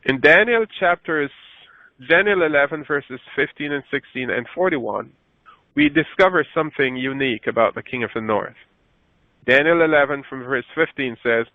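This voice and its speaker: A male Bible teacher leads a scripture lesson, his pitch climbing each time he reads verses aloud, and he stops to correct his own slips along the way. The dry recording sounds thin, phone-like and close.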